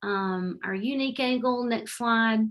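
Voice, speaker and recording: Woman, middle-aged, heartfelt, animated, slightly high voice, video-call presentation. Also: a little slow. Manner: warm, heartfelt and animated, with faith-tinged phrasing. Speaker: presenter at a webinar. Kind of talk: presentation with slides. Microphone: remote video call.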